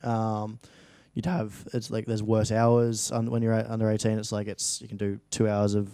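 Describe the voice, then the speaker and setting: A man's voice: fairly low pitch, completely flat delivery, normal speed, warm tone, dry recording. A young Australian man in his late teens, an actor chatting casually in a studio interview, rambling with frequent restarts and fillers. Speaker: actor guest.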